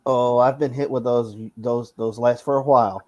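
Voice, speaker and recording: Brief: man, mid-pitched voice, detailed explainer, dry close sound. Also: steady tone, normal speed, no room sound, highs cut off. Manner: explains in detail, with repeated restarts. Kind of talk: casual group chat.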